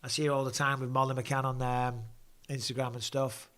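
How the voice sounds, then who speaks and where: Bright-voiced English bloke commentating. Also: male voice, medium pitch, flat delivery, a little fast. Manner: blokey, swears casually, reads viewer questions. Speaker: host. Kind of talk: live fight commentary and chat. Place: home, streaming.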